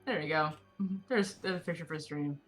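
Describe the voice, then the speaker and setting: A woman player at a tabletop game, friendly and casual, quick to laugh. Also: low-pitched, faint music behind.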